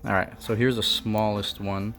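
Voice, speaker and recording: A man with a fairly low voice chats offhand about his project car, pausing on fillers as he works things out. Faint music plays underneath. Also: level tone. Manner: casual, offhand, thinks aloud with fillers. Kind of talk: casual workshop vlog.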